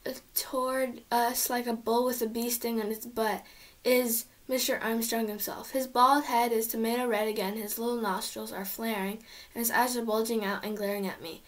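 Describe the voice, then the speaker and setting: A woman reading a children's chapter book aloud in a lively, expressive storytelling manner. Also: a little high. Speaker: storybook reader.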